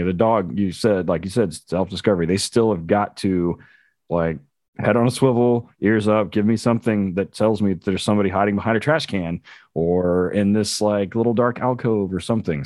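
Profane, animated man telling dog-training stories. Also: deep voice, no room sound. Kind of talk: casual podcast chat.

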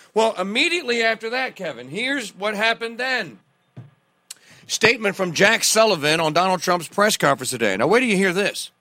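A man hosting a political talk radio show, animated and sarcastic, often laughing at the news he reads out. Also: sits high, dry recording.

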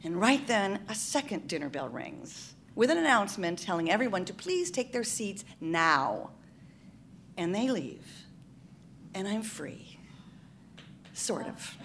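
A woman telling a comic story live, in an animated style, often laughing through her lines. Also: mid-range voice, measured pace, slight background noise.

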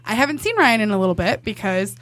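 A woman's voice: medium pitch, animated, quick pace, background noise. A woman co-hosting a podcast, telling a personal story in casual chat, rambling with many restarts. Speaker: podcast co-host.

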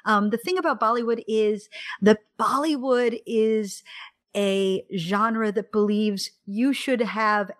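A woman in a relaxed conversation about films, chatting at an average pitch. She tells the story with enthusiasm and acts out lines in little voices. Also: takes it slowly. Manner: enthusiastic, animated storytelling with acted-out quotes. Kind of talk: casual chat about films.

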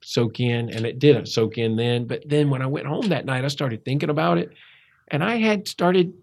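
A man's voice: medium pitch, gravelly, a little mellow. Man sharing a reflective recovery story. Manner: conversational, halting, with frequent restarts and fillers. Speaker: interview guest.

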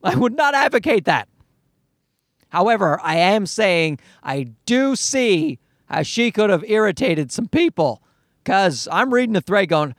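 A man's voice: high voice, unhurried, no room sound, clean studio sound. A man telling a story as a rambling, profane rant into a microphone in his car in a parking garage. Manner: profane, animated, self-interrupting.

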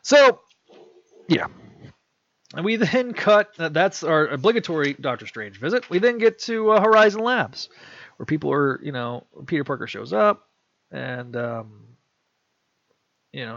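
A man's voice: a little high, animated, a little slow, creaky, pauses often, a bit bright, no room sound. A man casually recapping a story and rambling with fillers. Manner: rambling with fillers, acting out lines. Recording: dull lo-fi dry recording.

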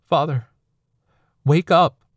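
A man voicing a grieving young survivor who pleads and shouts through tears. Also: medium pitch, steady tone, moderate pace, gravelly, slightly rough, dry recording, studio quality, voice pushed up. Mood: desperate.

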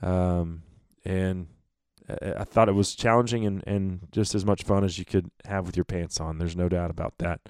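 A man hosting a podcast, telling a hunting story in a lively way, acting out what others said and laughing often. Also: low voice, normal speed, clear, resonant tone, no echo, clean studio sound. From North America. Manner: animated storyteller, acts out quotes, laughs often. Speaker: podcast host.

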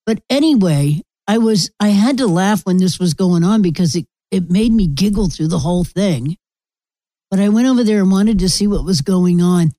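In a casual monologue on her own podcast, a middle-aged woman from Florida rambles through blunt stories that sometimes turn profane. She sounds animated and dark-toned at a medium pitch and moderate pace, with no echo.

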